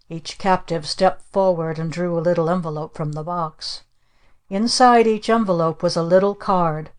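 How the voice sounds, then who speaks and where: A woman narrating an audiobook of children's stories in an even, dry storytelling manner. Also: fairly low pitch, normal speed. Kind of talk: scripted narration.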